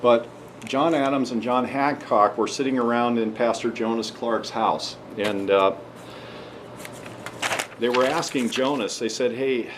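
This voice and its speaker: Guy giving a history talk to a crowd, chatty storytelling, emphatic questions, middle pitch, bit of hiss. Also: steady tone, measured pace. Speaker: speaker addressing an audience. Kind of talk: history talk and advocacy speech.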